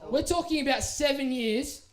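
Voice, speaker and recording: A young Australian man giving a casual talk to a youth group, telling a story in a lively, playful way and acting out the people in it. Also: extremely high pitch, moderate pace. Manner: animated, playful, acts out the people in his story. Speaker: youth speaker.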